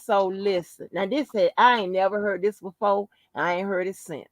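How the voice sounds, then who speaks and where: A podcast host speaks at normal speed and medium pitch, telling a story in casual chat crammed with curses and emphasis. The recording is dry and poor in quality. She's a profane, emphatic, animated narrator.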